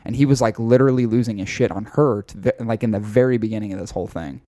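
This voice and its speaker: Low-voiced man telling a profane story. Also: quick pace, dark tone, no room sound, studio quality. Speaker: podcast co-host. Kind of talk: casual chat.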